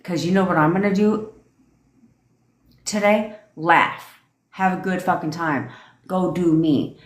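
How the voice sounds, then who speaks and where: Young woman, low-pitched, blunt and cussing, livestream rant, echoey room. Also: slow. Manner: blunt, profane, emphatic. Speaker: manifestation coach. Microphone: phone.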